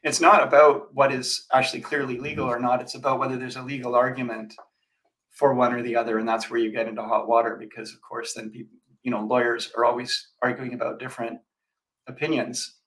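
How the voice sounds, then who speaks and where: A man's voice: mid-range voice, level tone, fairly quick, a bit bright, low-quality recording. A man co-hosting a real estate show in casual chat, rambling with fillers and restarts. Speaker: real estate agent, co-host.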